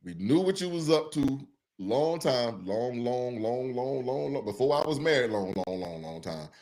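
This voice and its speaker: A man co-hosting a casual podcast, talking in a relaxed way with repeated, drawn-out phrasing. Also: medium pitch. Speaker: podcast co-host. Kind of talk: casual chat.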